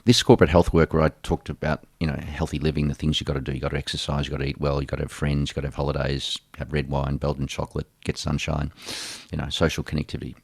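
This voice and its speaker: A man's voice: a bass voice, level tone, fast, hardly any pauses, breathy edge, no echo. A middle-aged Australian man, a sports doctor, telling stories in a casual interview and mimicking other people's voices. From Geelong, Australia.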